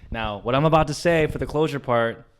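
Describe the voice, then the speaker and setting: A young man co-hosting a comedy podcast, telling a personal story in a loud, animated way, swearing freely and dropping to a hush for the tender parts. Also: medium pitch, brisk, clear, resonant tone. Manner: animated, swears a lot, swings from loud to hushed. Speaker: podcast co-host.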